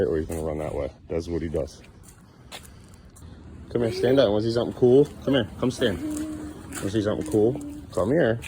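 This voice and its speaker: A man's voice: low voice, warm tone, a little hiss or hum. A man talking casually to his young son as a father, playful and coaxing, teasing him now and then.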